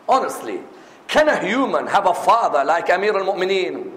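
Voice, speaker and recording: A man's voice: high-pitched, a bit bright. A man giving a religious lecture, pressing his points with rhetorical questions and emphatic repetition. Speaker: preacher. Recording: echoey hall recording.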